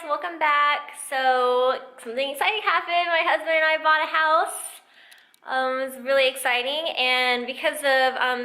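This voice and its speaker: Chatty young woman, bright echoey voice. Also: high-pitched. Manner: chatty, many fillers like um and like. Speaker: sewing vlogger. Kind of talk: casual vlog chat. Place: home and empty basement, indoors. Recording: echoey room.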